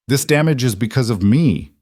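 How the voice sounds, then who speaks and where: A man voicing a quiet, grave frontier man who speaks softly. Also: medium pitch, expressive, moderate pace, breathy edge, no room sound, studio quality, voice pushed up. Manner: soft, grave.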